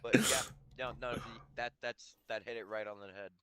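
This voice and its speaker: A man's voice: medium pitch, steady tone, moderate pace, fairly bright tone. A man co-hosting a game stream, joking and teasing his friend in casual banter. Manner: teasing, jokey, laughs a lot. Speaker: co-host friend.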